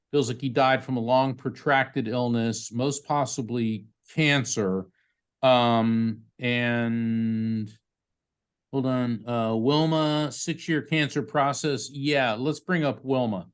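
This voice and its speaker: A man with a medium-pitched, clean voice works as a psychic medium, giving a live reading to a grieving parent over a video call. His delivery is chatty and halting, full of fillers and restarts.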